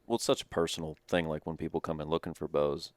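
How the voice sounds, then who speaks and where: A man with an extremely deep voice co-hosts a casual podcast. He explains things in an easygoing way, restarting his sentences as he goes, and the recording is dry. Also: flat delivery, fast, no echo. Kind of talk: casual chat.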